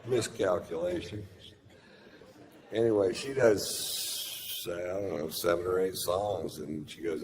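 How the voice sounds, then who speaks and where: Very deep-voiced man telling profane stage stories. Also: slow, in a large hall. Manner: profane, laid-back anecdotal delivery. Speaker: stand-up comedian. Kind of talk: stand-up storytelling. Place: comedy stage before a live audience. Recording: live show with steady background noise.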